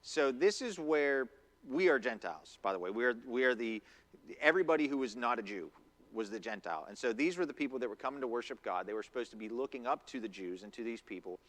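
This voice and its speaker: A man's voice: medium pitch, animated, quick pace, fairly bright tone. A man preaching a conversational sermon in a church, acting out quotes as he goes. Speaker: pastor. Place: church sanctuary.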